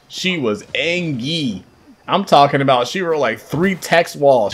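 Excitable gamer man, animated voice. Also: medium pitch, a little hiss or hum. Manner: excitable, swearing, laughing often. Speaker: gaming YouTuber. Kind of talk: live gameplay commentary. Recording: faint game music behind.

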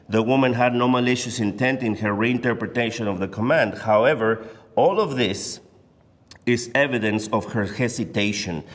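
A man teaching an adult Bible class in a church, speaking in a measured, deliberate way and stressing key words. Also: lowish voice. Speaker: Sunday school teacher. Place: church sanctuary. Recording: long reverb of a church hall.

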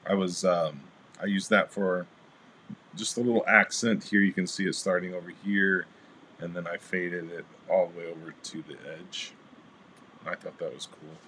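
Man, very deep voice, relaxed rambling craft demo, greets the live chat, faint hiss behind. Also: a little slow, long pauses. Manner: chatty, greets live chat viewers by name. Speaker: crafting livestream host. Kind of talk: casual craft demo livestream.

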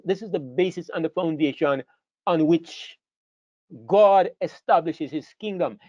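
A man with a high voice preaches a sermon, driving his points home by repeating key phrases and posing rhetorical questions. The recording is dry and dull, with a slightly lo-fi sound. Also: a little mellow, no echo.

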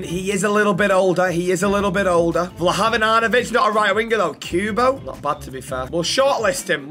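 A man giving chatty, excitable gaming commentary, bantering with the characters in the game. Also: high-pitched. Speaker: gaming YouTuber.

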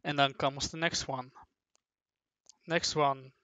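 A commentator who rambles playfully and haltingly through a casual talk while drawing, on a dull, dry lo-fi mic. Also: mid-range voice, fairly even intonation, pushed and bright, no room sound.

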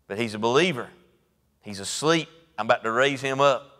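A man with a Southern American accent preaching a sermon in folksy storytelling style, acting out Bible figures and moving between soft low asides and raised, emphatic preaching. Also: expressive, fairly quick, big-room sound. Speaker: pastor. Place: church sanctuary.

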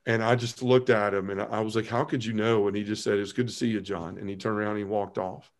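A man, a podcast guest telling his personal conversion story in an earnest, halting way, often restarting his phrases and dropping his voice at heavy moments. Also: little pitch movement. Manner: earnest storytelling, halting restarts, drops low when emotional.

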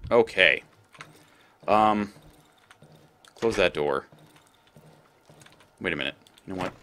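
A man's voice: low-pitched, slow pace, bright, forceful tone. A man commentating his gameplay, rambling, thinking aloud and swearing freely. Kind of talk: let's play commentary.

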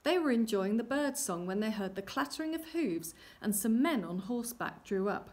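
A woman storyteller reading a traditional fairy tale aloud in a gently expressive way. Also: fairly high pitch, moderate pace.

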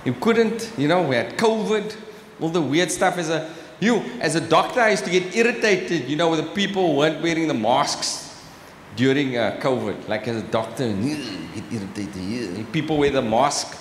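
A man with a South African accent doing stand-up in a large, echoing hall, his fairly high voice swinging up and down a lot. He talks in a chatty way, checking in with the crowd with "right?" and "bruh". There is a faint hum of room ambience under a long reverb. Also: lively intonation, moderate pace. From Cape Town, South Africa. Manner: chatty, keeps asking "right?", slips in "bruh". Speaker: stand-up comedian. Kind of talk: live stand-up comedy. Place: large exhibition hall on stage.

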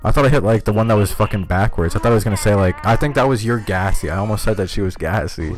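Low-voiced, foul-mouthed male game streamer. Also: quick pace, soft background music. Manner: profane, rambling and self-mocking, laughs often; talks in one steady voice, cannot scream. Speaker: streamer playing a video game. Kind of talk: casual live-stream commentary.

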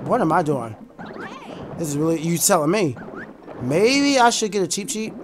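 A man giving excitable let's play commentary on a video game, chatty and prone to shouting when thrilled. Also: on the high side, normal speed, pauses often. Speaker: gaming YouTuber. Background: faint game music.

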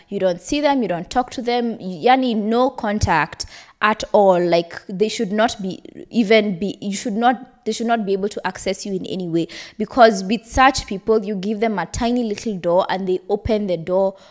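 A young woman hosting a podcast, giving candid, conversational advice with an emotional edge. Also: mid-range voice. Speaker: podcast host. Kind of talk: personal advice talk.

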